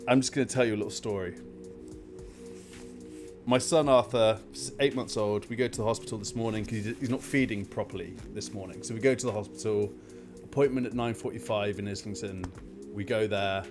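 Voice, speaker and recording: A man hosting a casual live stream, telling an exasperated, animated story and rambling with many fillers. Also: on the low side.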